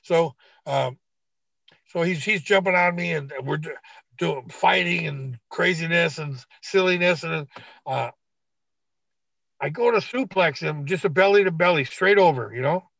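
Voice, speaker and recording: A middle-aged man with a gravelly, husky voice pitched a little high, swearing freely as he tells wrestling stories in a blunt, animated way. The recording is dull and lo-fi, with a dry, close sound. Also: a little slow, no echo. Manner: blunt, profane, animated storytelling. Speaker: retired pro wrestler guest. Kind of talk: casual storytelling interview.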